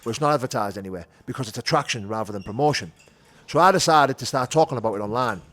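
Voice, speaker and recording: Casting: middle-aged man, rapid blunt guest, average pitch, talks a mile a minute, lots of "you know". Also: animated, a bit bright. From North of England. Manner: rapid, frank, full of "you know" and "do you know what I mean". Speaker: podcast guest. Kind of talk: candid conversational storytelling.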